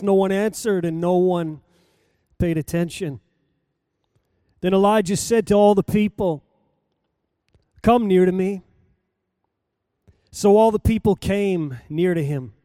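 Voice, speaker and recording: A pastor welcoming his church and reading a Bible passage aloud, his voice rising for the calls and dropping low between them. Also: warm tone, smooth, no echo, studio quality. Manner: dramatic reading, voice rising and falling with the story. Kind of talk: sermon scripture reading.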